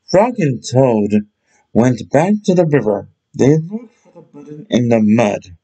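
A man reading a children's bedtime story aloud in an expressive, deliberate way. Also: medium pitch, breathy edge, lo-fi sound.

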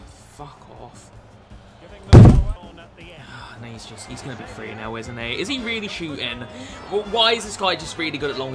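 A young man giving football video game commentary, swearing often and shouting at the game. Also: fairly high pitch, sing-song, normal speed, over music. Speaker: gaming YouTuber.

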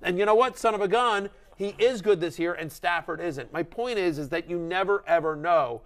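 A middle-aged man hosting a fantasy football show, talking fast and animated, acting out voices as he rants. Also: high voice. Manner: animated, ranting, acts out quoted voices. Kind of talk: excited sports analysis chat.

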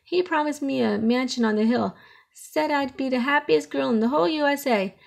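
A woman's voice: sits high, normal speed, vocal fry, voice pushed up. A woman doing a lonesome talking jukebox. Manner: folksy, lamenting. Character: sad, sassy female talking jukebox.

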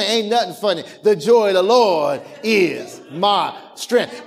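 A man preaching a sermon as pastor, animated, with call-and-response, laughter and shouted lines, in informal speech full of restarts and repetitions. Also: sits high, a little slow.

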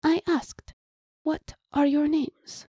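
A woman voicing a menacing male frost griffin who speaks in a slow, deliberate hiss. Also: sits high, flat delivery, warm tone, dry recording, clean studio sound, voice pushed up. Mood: probing.

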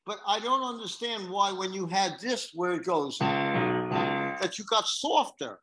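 A man's voice: sits high, slow pace, pushed and bright, low-quality recording. A man from New York coaching a piano student, singing phrases on "da" syllables to show emphasis. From New York, USA. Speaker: piano teacher. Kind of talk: masterclass coaching.

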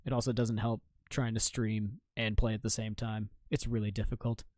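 A man's voice: on the low side, level tone, normal speed, darkish tone, dry recording. Joking, swearing young man streaming games. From Maine, United States. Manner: joking, swears freely, reacts to chat. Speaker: game streamer. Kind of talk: casual live-stream chat while gaming.

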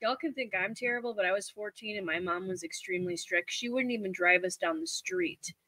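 Soft-spoken woman in her 40s, co-host, bright tone, dry close sound. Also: medium pitch, fairly quick, dry recording. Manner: soft-spoken, chimes in and adds detail. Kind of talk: casual livestream chat.

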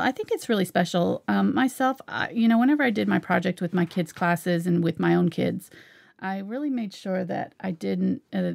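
A woman's voice: fairly low pitch, creaky, a little mellow. A middle-aged woman teaching a live painting tutorial, chatting casually while she paints. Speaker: painting instructor.

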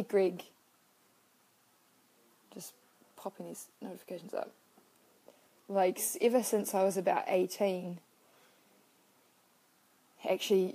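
Candid woman live-streaming, warm mellow voice. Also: medium pitch, breathy edge. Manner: candid, emotional, swears freely, greets viewers by name. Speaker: live-stream host and personal-growth coach. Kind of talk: casual heartfelt live stream.

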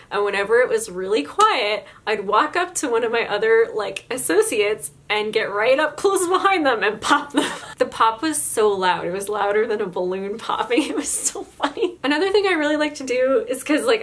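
A woman in her twenties telling stories casually to camera, animated, laughing often and saying "like" a lot. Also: on the high side. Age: 20s. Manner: lots of "like" fillers, chatty. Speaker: YouTuber. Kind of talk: casual storytelling vlog.

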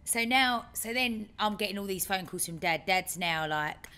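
A woman co-hosting a podcast, telling a story in a lively way and acting out other people's lines. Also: mid-range voice, normal speed, clear, resonant tone. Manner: animated storyteller, acts out her dad's lines. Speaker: podcast co-host. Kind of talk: casual chat, storytelling.

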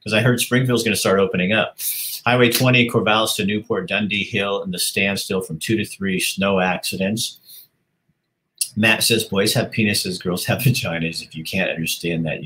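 Brief: male livestream host, deep voice, chatty and rambling, reads comments out loud. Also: rough recording. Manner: chatty, rambling, laughs often. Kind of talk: casual chat reading viewer comments aloud.

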